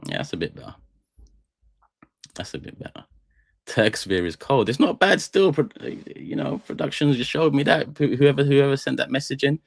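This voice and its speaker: A man's voice: mid-range voice, lively intonation, normal speed, gravelly, no echo, clean studio sound. A young man hosting a fan channel live stream, chatting to viewers in a rambling, jokey way. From England. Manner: rambling, jokey, talks straight to chat. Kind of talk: casual live stream chat. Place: small studio room.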